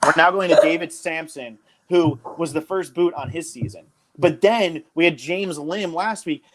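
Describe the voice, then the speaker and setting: Young man from New Jersey, podcast co-host, chatty and rambling, voice sits a bit high. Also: moderate pace. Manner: rambling, enthusiastic, lots of fillers. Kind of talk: casual podcast chat.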